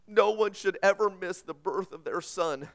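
A man's voice: high voice, normal speed. A man voicing a cheerful woman nurse at a birth, in a coaxing, bubbly manner. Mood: soothing.

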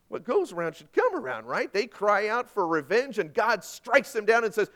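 High-voiced man preaching with drama. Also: sing-song, normal speed, hardly any pauses. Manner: dramatic preaching, rising loud on questions and quotes. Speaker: pastor. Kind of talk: sermon.

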